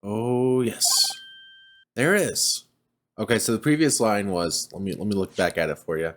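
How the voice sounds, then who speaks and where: A man's voice: on the low side, moderate pace. A man hosting a let's play, giving casual commentary, chatting along as he reads the game text aloud and laughs often.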